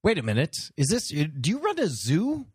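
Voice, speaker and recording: A man's voice: a little high, huge pitch swings, normal speed, slightly rough, no room sound, studio quality, full character voice. A man playing a bumbling, giggly sidekick detective who stammers and slips in crude jokes. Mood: scheming. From Wisconsin. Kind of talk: improvised comedy role-play.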